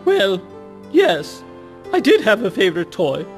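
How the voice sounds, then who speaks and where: A woman's voice: medium pitch, wildly swooping pitch, unhurried, soft background music. A woman voicing a serious, fussy male sock puppet who talks in an exasperated, scolding way. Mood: prim.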